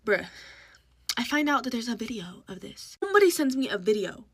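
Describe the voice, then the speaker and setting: A woman's voice: on the high side, sing-song, a little fast, breathy edge, no room sound. A woman telling a casual storytime, rambling with lots of fillers and acting out what people said. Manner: rambling, filler-heavy, acts out quotes.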